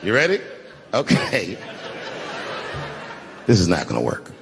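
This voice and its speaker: A man's voice: sits low, unhurried, vocal fry, background noise. A man performing a stand-up comedy set, telling stories with punchlines to a live audience. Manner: animated storytelling with punchlines. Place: large live venue. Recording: roomy live hall with crowd ambience.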